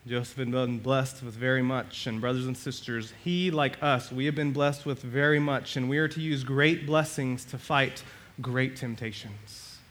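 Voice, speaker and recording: A male pastor preaching a sermon, animated, swinging between loud and soft and acting out the quotes. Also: medium pitch, normal speed.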